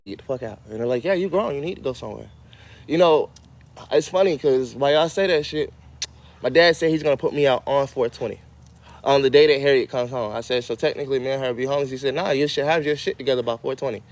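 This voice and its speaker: A man's voice: mid-range voice, a little mellow. A man hosting a casual livestream, rambling and cursing as he talks straight to his viewers. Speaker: livestream host.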